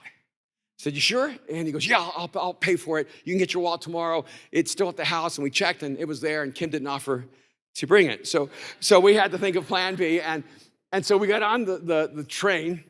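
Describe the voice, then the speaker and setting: A man preaching a conference sermon, telling a story that swings between soft talk and shouting, recorded live in a large hall. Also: fairly high pitch. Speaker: pastor. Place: large hall with long reverb.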